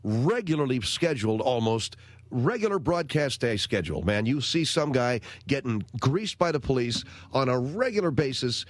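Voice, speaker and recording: Wry rambling radio host, dry studio sound. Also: male voice, medium pitch, sing-song, normal speed, no echo. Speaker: radio talk show host. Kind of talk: talk radio monologue. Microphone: close studio microphone.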